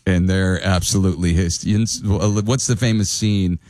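A man's voice: low-pitched, fairly even intonation, normal speed, a little mellow, dry recording. A man hosting a radio interview, chatty and rambling, with a slight Pittsburgh accent. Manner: chatty, rambling, laughs easily. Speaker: radio host. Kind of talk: casual interview chat.

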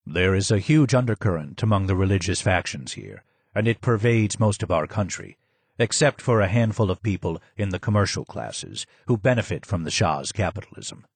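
A man voicing a calm, measured Persian man who speaks low and steadily. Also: breathy edge, no echo, exaggerated voice.

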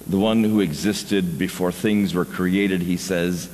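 A man's voice: steady tone, slow, hardly any pauses, slight background noise. Earnest male preacher in a reverberant hall. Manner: earnest, drops low and soft for emphasis. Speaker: pastor. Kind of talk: sermon.

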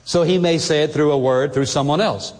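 A man's voice: fairly high pitch, a little fast, darkish tone, in a large hall. A man preaching a sermon as pastor, speaking earnestly and directly to the listener.

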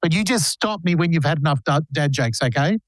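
A man's voice: a little high, expressive, a little fast, dry recording. A man hosting a radio show in casual banter, playfully telling dad jokes. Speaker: radio host.

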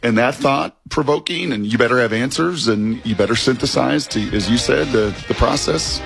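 A man's voice: mid-range voice, moderate pace, gravelly, fairly bright tone, soft background music. A man co-hosting a sports radio show, a former ballplayer who speaks emphatically and stacks up repeated phrases. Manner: emphatic, builds lists and repeats for effect.

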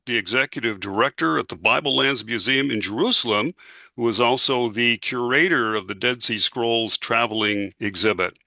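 Bright-voiced male interviewer. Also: mid-range voice, no room sound. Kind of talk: interview host.

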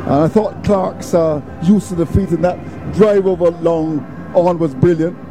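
A man giving ball-by-ball cricket commentary in a steady, folksy way, dropping proverbs between deliveries. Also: a little high, measured pace, over music.

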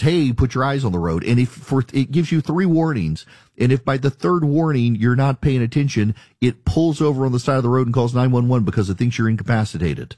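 A man's voice: mid-range voice, a little mellow, no echo. A man hosting a talk radio show, delivering an emphatic, argumentative monologue in the studio. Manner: emphatic, argumentative, mocking callers' objections.

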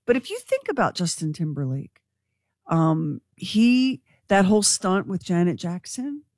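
A woman co-hosting a radio talk show, talking in a lively, gossipy, emphatic way. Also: fairly low pitch, measured pace, no room sound, clean studio sound. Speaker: radio co-host.

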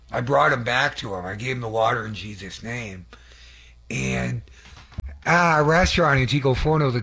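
A man of medium pitch preaching in a loose, conversational way, telling stories of faith. He speaks earnestly, often trailing off and restarting, and asks the listeners for their agreement. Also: a bit bright. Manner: earnest, rambling, with many fillers and restarts; asks the audience for affirmation. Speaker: lay preacher giving testimony. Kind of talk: conversational testimony sermon.

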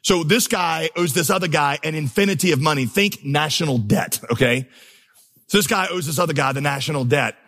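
A man's voice: a little high, fairly quick, fairly bright tone. A man preaching a sermon as pastor, telling stories with humor and building to emphatic, impassioned crescendos. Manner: storytelling, humorous asides.

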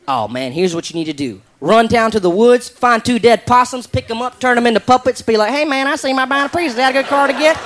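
A man voicing a folksy, self-assured Southern redneck advisor with a Southern US accent and a slow drawl. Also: extremely high pitch, expressive, fairly bright tone, a little hiss or hum.

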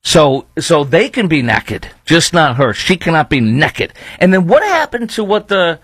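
A man's voice: fairly high pitch, moderate pace, husky. Guy ranting on his podcast, mocking tone, dry close sound, no room echo. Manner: animated and mocking, laughs between remarks. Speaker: podcast host. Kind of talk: opinionated commentary.

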